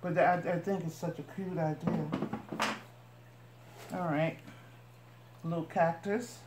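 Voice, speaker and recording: A couponing vlogger chats casually with her viewers while unboxing packages and showing off each item. Her fairly low voice is slow and fairly even, recorded in an echoey, noisy room.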